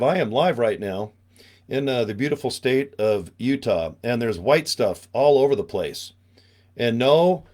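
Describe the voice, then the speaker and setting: A man's voice: medium pitch, darkish tone. A man, hosting a live webinar from a small studio in a joking, rambling, casual way. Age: 50s. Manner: joking, rambling, tangent-prone. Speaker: webinar host. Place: small radio studio room.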